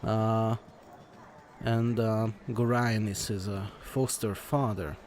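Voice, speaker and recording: A man commenting on a video game he plays, reading the game's text aloud in his own plain voice and talking in a halting way, with many fillers and restarts. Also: fairly low pitch, fairly even intonation, a little mellow, a little hiss or hum. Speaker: let's play host.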